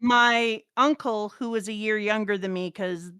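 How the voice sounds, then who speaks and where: A woman's voice: medium pitch, fairly even intonation, measured pace, sharp tone, clear, resonant tone, no room sound, clean studio sound. A middle-aged woman, the host's mother, chatting casually in a blunt, profane, laughing way. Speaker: co-host, mother of the host. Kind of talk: casual chat reading chat comments.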